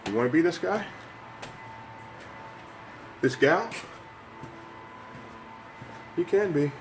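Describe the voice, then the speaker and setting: A man's voice: fairly high pitch, animated, slow, a little hiss or hum. An older man doing a motivational fitness vlog while climbing stairs, slightly winded, upbeat and coaxing as he talks straight to viewers. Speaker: fitness vlogger.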